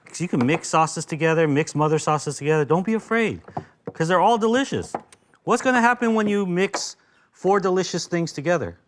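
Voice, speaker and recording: Speaking high and animated at a slightly quick clip, this Los Angeles native runs a laid-back cooking lesson beside a grill in his kitchen. He's talkative, eager, and constantly wandering into asides.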